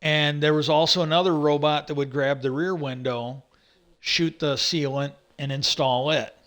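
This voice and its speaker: A man's voice: on the high side, steady tone, moderate pace, a bit bright. Rambling, profane man telling a story. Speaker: streamer telling a work story. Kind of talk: casual storytelling monologue.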